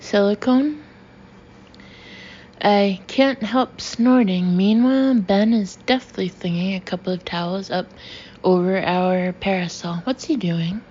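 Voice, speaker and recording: A woman narrating a first-person audiobook in a wry, measured way. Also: medium pitch, steady tone, a little mellow. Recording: dull lo-fi audio with faint hiss.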